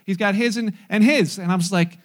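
A man in his forties, a pastor, giving a conversational sermon full of animated family stories, acting out voices and laughing. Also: sits high, fairly quick. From North America. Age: 40s.

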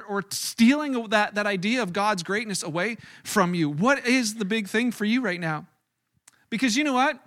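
A man preaching a casual sermon to a live congregation, telling the story in an animated, chatty way with lots of restarts. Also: high-pitched, no echo, clean studio sound. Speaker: pastor. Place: church hall with a live congregation.

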